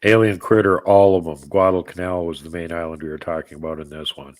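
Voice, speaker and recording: A man's voice: low voice, little pitch movement, fast talker, dry recording. A man hosting a live show in casual chat, rambling and joking as he answers viewers' comments by name. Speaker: podcast host.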